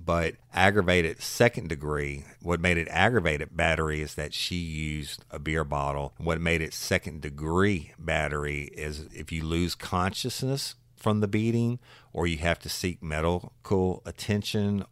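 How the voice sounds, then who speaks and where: A man's voice: a bass voice, fairly bright tone, no echo. A man, a detective recounting a case in blunt, folksy, casual storytelling. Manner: folksy, blunt, curses freely.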